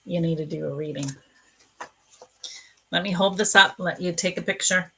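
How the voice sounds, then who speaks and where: A woman's voice: lowish voice, normal speed, husky. A woman psychic medium giving a live-stream card reading, gushing and emotional as she talks to a viewer. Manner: gushing, emotional, warm-hearted talk.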